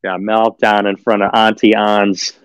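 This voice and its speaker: A man's voice: lowish voice, flat delivery, a little slow, clear, resonant tone, dry recording. A man in a casual stream chat, talking with profanity and sarcasm and mock-acting other people. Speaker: streamer guest.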